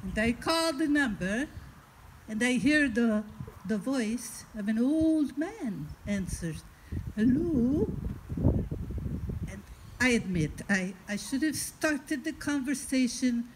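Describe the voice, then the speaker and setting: A woman performing a stand-up comedy story on stage, chatting with the audience and dropping deadpan asides. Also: a little high, slow, slight background noise, low-quality recording.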